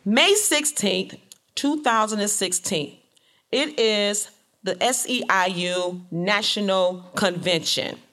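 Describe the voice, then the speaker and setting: A woman from Detroit, a home care worker and organizer, telling a personal story in a lively, colloquial way, acting out her own reactions. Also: medium pitch, slow, faint music behind. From Detroit, USA.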